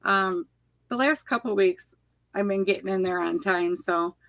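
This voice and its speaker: A woman's voice: medium pitch, normal speed, a bit bright, dry recording. A woman from Kentucky with a Southern drawl, reading out video titles and chatting casually as a livestream guest. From Kentucky, USA. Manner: reads out list with laughs. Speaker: guest creator.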